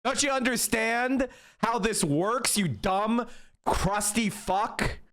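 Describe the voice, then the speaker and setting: A very high-pitched man ranting on a live stream. He talks heatedly and swears constantly, scolding his viewers. He keeps the commentary loud and combative. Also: slow pace. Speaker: political streamer.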